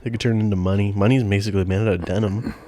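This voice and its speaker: Man, lowish voice, deadpan, blunt, swears, dry close recording. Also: racing, no echo. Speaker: podcast co-host. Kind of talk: casual chat.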